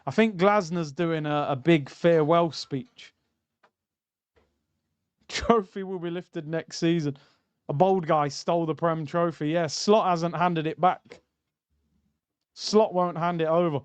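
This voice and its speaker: Young man, casual stream banter, slightly high voice, smooth and clear, dry close mic. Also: slow, long pauses, no echo. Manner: banter, reacting and reading out chat. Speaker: streamer hosting a football watchalong. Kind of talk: casual live-stream chat.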